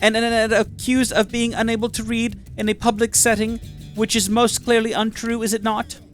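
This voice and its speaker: A man doing a curious alien researcher who talks in stiff, overly formal phrases and keeps tacking on questions. The voice sits high and light. Faint music plays underneath. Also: level tone, normal speed. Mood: prim, inquisitive.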